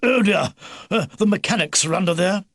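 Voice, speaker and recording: A man's voice: high-pitched, normal speed, fairly bright tone, no echo, clean studio sound, pitched above the performer's own voice. A man voicing a kindly old beaver grandfather. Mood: urgent. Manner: hesitant, fatherly, says uh before orders. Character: elderly male beaver, kindly grandfather, steady.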